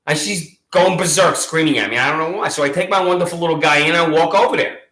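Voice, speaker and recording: Combative male ranter, high-pitched and bright, sarcastic accusatory tone, roomy echo. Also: quick pace. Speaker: video channel host. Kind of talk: angry monologue to camera.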